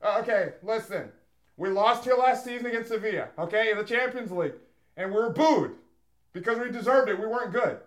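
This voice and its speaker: This is a scornful, bragging football manager, as a man improvises him for laughs. The voice sits very high, and the room rings with echo around it. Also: fairly quick, lightly acted. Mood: defiant. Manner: brash, scornful, boastful. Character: defiant male football manager at a press conference. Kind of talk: comic improv impression. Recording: roomy echo.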